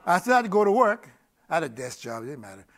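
A middle-aged man preaches a testimony sermon about his own life, his fairly high, slightly bright voice swinging widely in pitch as he talks fast. He laughs, repeats words, and erupts in sudden bursts of energy.

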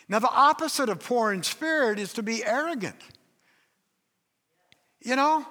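Brief: older male pastor, high bright voice, emphatic sermon, long hall reverb. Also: expressive, a little slow, long pauses. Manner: emphatic preaching, acts out quoted voices.

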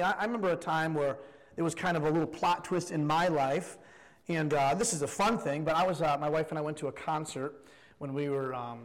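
Male pastor, 30s, high-pitched, chatty storytelling sermon, church hall reverb. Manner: animated, rambling storyteller with many fillers. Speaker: youth pastor turned preacher.

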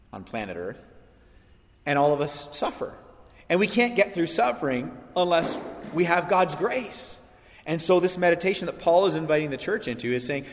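Dynamic male preacher in a big hall. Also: fairly high pitch. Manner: dynamic preaching, swinging from hushed to emphatic. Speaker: pastor. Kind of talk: sermon.

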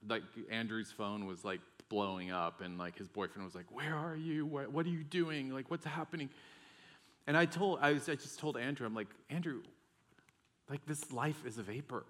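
A man casually telling a personal story in a rambling, animated way, full of restarts and quoted dialogue. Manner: animated, rambling, many restarts and "like"s, gets loud and high when excited. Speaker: storyteller sharing personal faith testimony.

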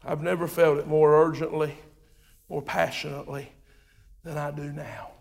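A man preaching an impassioned sermon, repeating phrases and swinging from shouts to hushed tones. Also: on the high side, little pitch movement, moderate pace, vocal fry. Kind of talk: fiery sermon.

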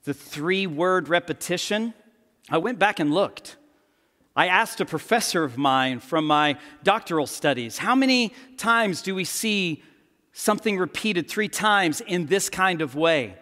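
A man preaching a sermon as pastor, telling stories with animated energy and acting out the quotes. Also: high voice, a little slow, in a large hall. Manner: animated storytelling, acts out quotes.

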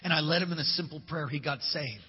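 High-voiced preacher in an echoing hall. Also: male voice, fast, husky. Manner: emphatic, casual preacher who acts out dialogue. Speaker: pastor. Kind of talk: sermon with storytelling. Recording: long reverb, dull lo-fi hall recording.

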